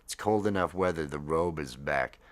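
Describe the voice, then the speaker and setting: Low-voiced rambling man in his thirties. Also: normal speed. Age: 30s. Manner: rambling, many fillers and restarts. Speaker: livestream host. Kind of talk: casual live-stream chat.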